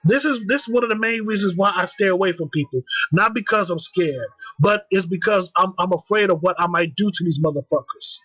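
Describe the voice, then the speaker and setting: High-voiced man ranting, heated and profane. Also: fairly quick, few pauses, bright, forceful tone, husky, dry recording, highs cut off. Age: young adult. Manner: heated, profane, repeats himself. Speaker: vlogger. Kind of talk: angry rant.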